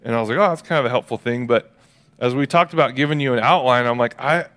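A male pastor preaching a sermon in a relaxed, conversational way, acting out quotes as he tells stories. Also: mid-range voice, quick pace. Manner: conversational, animated storytelling with acted-out quotes.

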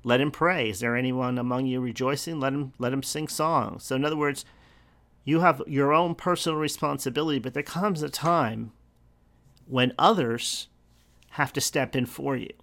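Man, sermon, gravelly fry in the voice, mid pitch, earnest and unhurried. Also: a bit bright. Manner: earnest, unhurried teaching with pauses and restarts. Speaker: preacher.

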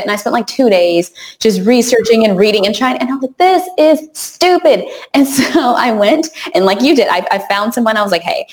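A woman guest on a podcast, talking candidly and animatedly with frequent laughs and restarts. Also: medium pitch. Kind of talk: casual podcast conversation.

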